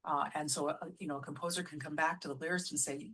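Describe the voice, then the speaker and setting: A woman who runs a musical theatre company, explaining lyric writing in a casual teaching vlog, patient and often restarting phrases, sounding out example lines slowly. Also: deep voice, steady tone, fairly bright tone. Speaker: musical theatre artistic director.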